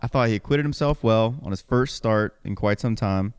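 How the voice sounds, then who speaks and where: A man's voice: lowish voice, normal speed, a little mellow, clean tone, no room sound, clean studio sound. A man co-hosting a casual podcast chat, rambling and correcting himself as he talks. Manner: rambling, self-correcting, laughs often. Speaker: podcast co-host.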